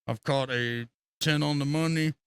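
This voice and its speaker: A man telling fishing stories as a podcast guest, excitable and profane, laughing often. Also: fairly high pitch, normal speed, clean tone, no room sound. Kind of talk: casual storytelling.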